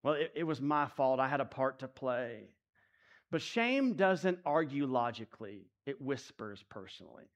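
A man preaching a sermon, moving between hushed, intimate lines and emphatic rises. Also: medium pitch, expressive, normal speed. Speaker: pastor.

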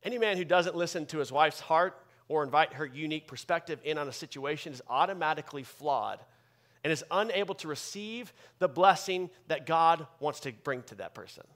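A male pastor preaches a sermon emphatically, swinging between loud bursts and quiet asides. His voice is a little high and his pace brisk.

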